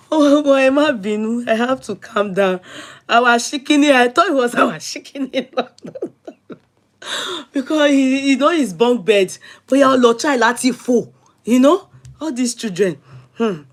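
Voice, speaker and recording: A woman with a Nigerian accent telling her viewers a personal story in a casual, animated way. She laughs often, mixes in Yoruba and Pidgin, and sometimes drops to a near-whisper. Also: fairly high pitch, unhurried, pauses often. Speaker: host.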